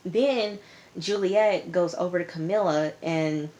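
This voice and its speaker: A woman with a slightly low voice talks through a TV episode in casual recap style. Her delivery is chatty and slangy, with an exasperated edge. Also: takes it slowly, warm tone. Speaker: TV show reviewer.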